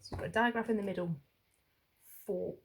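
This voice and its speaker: A woman teaching young children to spell, sounding out each letter slowly and carefully. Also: mid-range voice, a little hiss or hum. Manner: slow, drawn-out sounding out of letters. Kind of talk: phonics lesson for young children.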